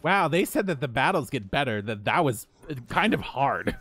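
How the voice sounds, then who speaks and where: A man streaming live from home, chatting casually with his viewers while he plays. He talks in a lively, profane way and laughs often. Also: mid-range voice, moderate pace, slightly rough, faint music behind.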